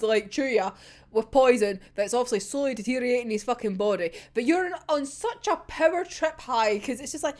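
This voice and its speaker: A woman's voice: sits high, sing-song, normal speed. A young woman reacting to a manga chapter with a heated, sweary rant, laughing often.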